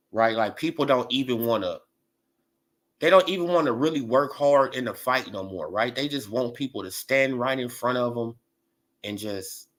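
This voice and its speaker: A man ranting casually about boxing on a livestream, full of laughs and repeated fillers. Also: mid-range voice. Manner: laughing, animated, repetitive fillers. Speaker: boxing commentator.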